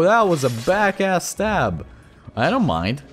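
A man's voice: sits high, wildly swooping pitch, normal speed, soft background music. A young man with a Russian accent giving profane, mocking let's-play commentary. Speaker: gaming channel host.

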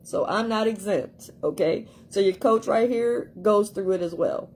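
Emphatic woman coach, mellow voice. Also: medium pitch, unhurried, a little hiss or hum. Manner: emphatic, repeats for emphasis, acts out quoted voices. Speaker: life coach. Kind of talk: motivational talk to camera.

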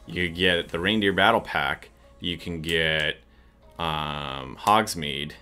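A man's voice: low-pitched, takes it slowly, sharp tone, clear, resonant tone, soft background music. A man co-hosting a livestream, chatting casually and joking while building. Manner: chatty, laughs often, jokey. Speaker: co-host.

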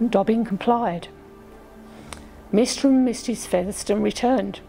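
A woman narrating a children's storybook in an expressive, gently dramatic way. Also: medium pitch, measured pace, creaky, soft background music, rough recording.

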